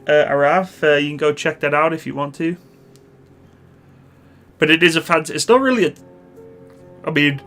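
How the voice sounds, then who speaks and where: A Canadian man, likely in his thirties, hosting a live stream, reading viewer questions and answering in a relaxed, rambling way with many pauses. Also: fairly high pitch, gravelly. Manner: relaxed, chatty, hesitant with many uhs.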